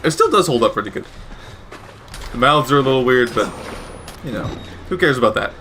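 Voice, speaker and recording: A man's voice: mid-range voice, expressive, brisk, pushed and bright, a little hiss or hum. A man giving casual, rambling gameplay commentary with wry asides and frequent self-corrections. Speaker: gaming commentator.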